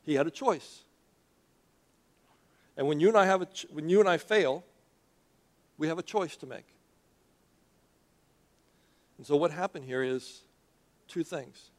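Conversational male preacher, fairly high voice. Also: moderate pace, pauses often. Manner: animated, conversational, asks the audience questions. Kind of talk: sermon with storytelling.

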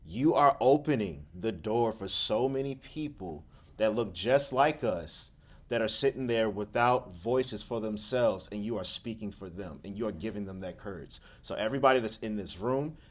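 A man with a fairly low voice speaks with earnest, emphatic feeling. His talk is a heartfelt casual reflection, shared with a group gathered in a room. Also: expressive, normal speed. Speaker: support group co-founder.

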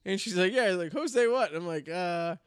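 A man's voice: high-pitched, moderate pace, clear, resonant tone. A man in his thirties hosting a podcast, telling crude jokes and stories with frequent laughs. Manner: crude, joking storyteller, laughs often. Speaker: podcast host. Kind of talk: casual podcast banter.

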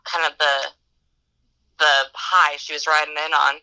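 A person chatting casually about films, enthusiastic, with halting restarts and many "like" fillers. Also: medium pitch, little pitch movement, sharp tone, poor audio. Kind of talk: casual film chat.

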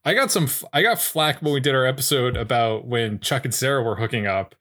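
A man's voice: medium pitch, brisk, fairly bright tone. A man co-hosting a podcast, chatting casually about a TV episode in a dry, wry, quibbling way. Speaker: podcast co-host. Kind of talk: casual chat recapping a TV episode.

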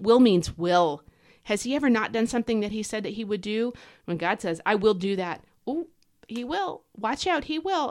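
A woman hosting a devotional podcast, teaching casually and emphatically, a fast talker with fillers and self-corrections. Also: mid-range voice. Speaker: podcast host. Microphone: podcast microphone.

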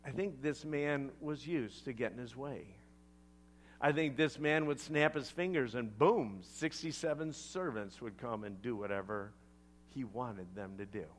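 A male pastor preaching a sermon, retelling a scripture story with animated asides to the congregation. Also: medium pitch, unhurried, a little hiss or hum.

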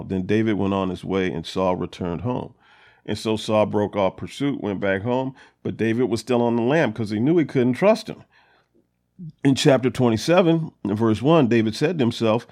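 A man's voice: medium pitch, normal speed. A man hosting a Bible study, reading scripture and retelling it in casual, conversational words with many fillers. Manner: grows louder and more animated when quoting characters. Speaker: Bible study podcast host.

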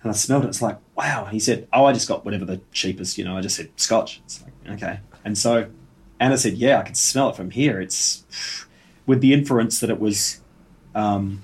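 A man co-hosting a casual podcast chat, telling a rambling anecdote with halting restarts. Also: lowish voice. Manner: rambling storyteller, halting restarts, bursts of laughter. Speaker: podcast co-host.

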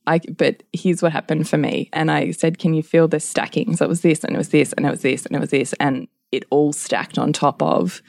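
A woman's voice: low-pitched, steady tone, fairly quick, vocal fry, few pauses, a little mellow, no room sound, studio quality. A middle-aged woman, co-hosting a casual podcast and animatedly telling a story, acting out quotes and laughing often. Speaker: podcast co-host.

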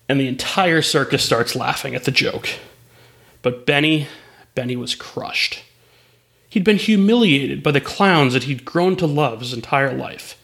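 A man's voice: a little high, lively intonation, moderate pace, vocal fry, fairly bright tone. A man telling a long story in a rambling way, with restarts and asides. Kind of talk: spoken storytelling.

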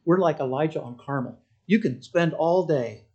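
Impassioned preacher, raised voice. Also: male voice, a little high, normal speed, warm tone, highs cut off. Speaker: pastor. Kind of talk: sermon.

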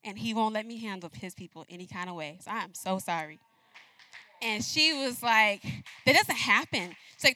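A young adult woman giving a message, telling a personal story in an animated way and acting out the dialogue. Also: medium pitch, moderate pace, dry recording. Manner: animated, acts out dialogue with laughs. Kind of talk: storytelling sermon.

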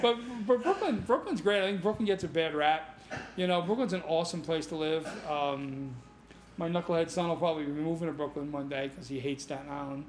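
A middle-aged man, a martial arts instructor telling stories on a podcast, animated and laughing, swearing casually. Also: on the high side, brisk. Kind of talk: casual storytelling.

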